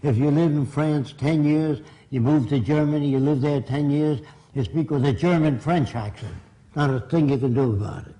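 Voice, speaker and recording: A man's voice: fairly high pitch, moderate pace, mellow, poor audio. An older man from Brooklyn, giving a blunt, emphatic public lecture. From Brooklyn, New York.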